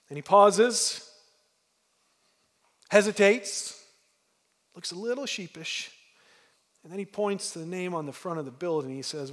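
High-voiced preaching man in a reverberant hall. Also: normal speed, long pauses. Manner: storytelling, emphatic with repeated restarts. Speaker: pastor. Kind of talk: sermon.

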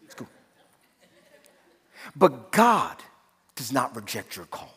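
A man preaching a sermon as pastor, moving between hushed, slow pleading and loud, rising exhortation. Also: medium pitch, huge pitch swings, husky. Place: church sanctuary. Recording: long church reverb.

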